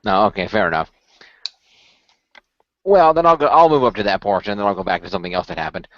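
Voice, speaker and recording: A man co-hosting a casual podcast, talking in an animated way with filler ums. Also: lowish voice, quick pace, slight background noise. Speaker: podcast co-host. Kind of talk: casual chat. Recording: dull dry lo-fi recording.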